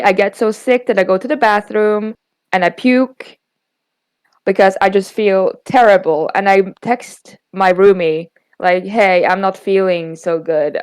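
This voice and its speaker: Smooth-voiced young woman telling a story. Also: medium pitch, a little mellow, no echo, rough recording. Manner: candid, retelling a bad date with quoted dialogue. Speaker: podcast co-host. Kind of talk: casual storytelling.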